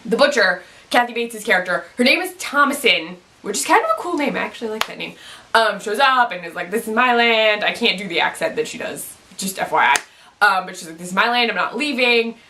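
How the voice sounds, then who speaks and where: A woman vlogging a quick, casual TV episode recap, chatty and excitable with lots of fillers. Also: mid-range voice, a little hiss or hum.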